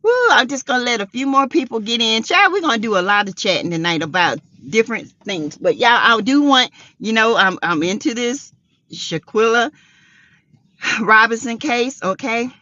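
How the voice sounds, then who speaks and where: A woman's voice: dry recording, highs cut off. Chatty woman hosting a live chat. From South Carolina. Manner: chatty, exclamatory, greets viewers by name, jumps into high excited squeals. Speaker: livestream host. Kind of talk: casual live chat with viewers.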